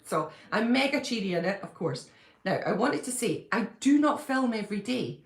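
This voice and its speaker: A woman's voice: mid-range voice, expressive. Bubbly woman in an echoey room. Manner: chatty, bubbly, quick to gush and laugh. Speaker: livestreaming fan-channel host. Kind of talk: casual live-stream chat. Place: at home, indoors.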